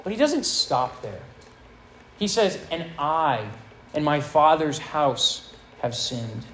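A male pastor preaching a sermon to a high school audience, reading scripture aloud with earnest emphasis. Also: sing-song, takes it slowly, fairly bright tone, a little hiss or hum, poor audio.

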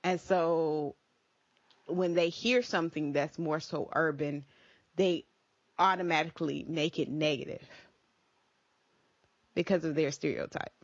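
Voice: medium pitch, fairly even intonation, a little slow, long pauses, dry recording. Podcast co-host, dry lo-fi sound. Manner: thoughtful, searches for words. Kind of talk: casual discussion. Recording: dry, dull lo-fi podcast audio.

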